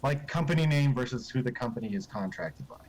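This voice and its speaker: A man's voice: mid-range voice, animated, quick pace. A man running a tabletop game who explains the rules and setting in a casual, easygoing way. Faint background noise sits behind his voice. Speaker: game master.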